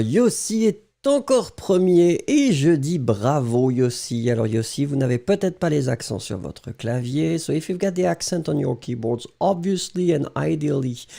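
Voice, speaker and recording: A man's voice: fairly high pitch, creaky, mellow. A man with a French accent, a French teacher running a live online lesson, encouraging students and reading out their answers. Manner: encouraging, switches between English and French, reads out students' answers.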